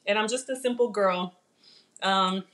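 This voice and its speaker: A woman's voice: mid-range voice, measured pace, fairly bright tone. A middle-aged woman hosting a live cooking stream in her home kitchen, chatting casually, laughing and reading viewer comments aloud.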